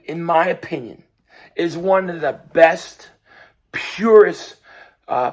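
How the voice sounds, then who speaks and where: Hoarse male sports vlogger, slightly high voice, opinionated, rambling delivery. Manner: opinionated, rambling with restarts and fillers. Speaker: sports channel host. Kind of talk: casual sports commentary vlog.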